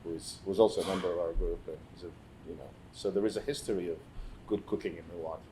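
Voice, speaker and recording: A man talking about food as a guest in a casual chat, chatty and quick to laugh along. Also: low-pitched, steady tone, a crowd in the background, rough recording.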